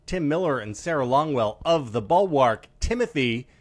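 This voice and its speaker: A man's voice: a little high, lively intonation, normal speed. A middle-aged man hosting a political podcast, welcoming guests and trading wisecracks in casual chat. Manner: upbeat, wisecracking. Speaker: podcast host.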